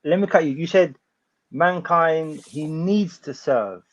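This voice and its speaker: A man hosting a podcast discussion, who speaks in a measured, questioning way and prompts his guest. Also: a little high, rough recording. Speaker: podcast host.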